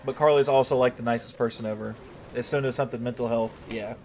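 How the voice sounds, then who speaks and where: A man's voice: mid-range voice, steady tone, fast talker, darkish tone, slight background noise. A man chatting casually on a live game stream, joking with his chat and swearing now and then.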